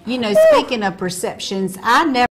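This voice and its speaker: A woman's voice: on the high side, expressive, brisk. A woman with a Southern accent, co-hosting a chat show and talking in a chatty, reflective way. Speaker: co-host. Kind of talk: casual talk-show chat.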